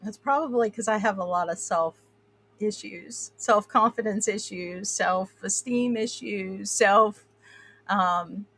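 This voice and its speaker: A woman's voice: mid-range voice, slow, vocal fry, fairly bright tone, no room sound. A woman from the Appalachian Mountains with an Appalachian twang, talking in a rambling way full of fillers. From Appalachian Mountains, USA. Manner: rambling, filler-heavy, laughs often. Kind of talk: casual chat.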